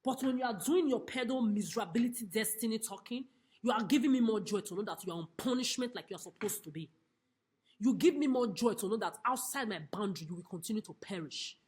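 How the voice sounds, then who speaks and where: A woman's voice: a little high, expressive, fast talker, darkish tone. A woman delivering an angry, accusatory monologue to camera from a chair in a homeless shelter, cursing and repeating herself. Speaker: vlogger. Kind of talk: angry direct-to-camera rant.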